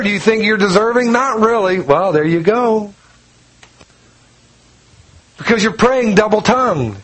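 A man with a high voice preaching in a relaxed, conversational way. He retells scripture like a story, with frequent chuckles and informal asides. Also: a little slow, long pauses, low-quality recording. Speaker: pastor. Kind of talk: casual sermon.

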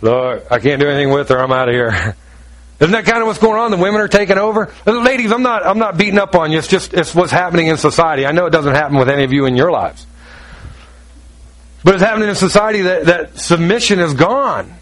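A pastor delivering a sermon with a notably high voice for a man. He is middle-aged and folksy, joking with his listeners and acting out bits of conversation as he goes. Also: fast talker, fairly bright tone, poor audio. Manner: folksy and joking, acts out dialogue.

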